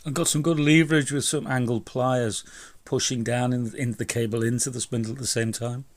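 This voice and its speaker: A man's voice: medium pitch, steady tone, fairly quick, dry recording. Chatty man tinkering with a bike. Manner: chatty, self-mocking, blunt. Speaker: DIY e-bike vlogger. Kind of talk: casual workshop vlog.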